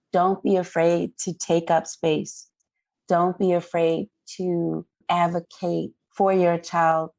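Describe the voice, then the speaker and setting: A woman's voice: lowish voice, creaky, no echo, muffled recording. A woman guest in an interview, telling a personal story in an earnest, emotional way. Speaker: guest parent advocate.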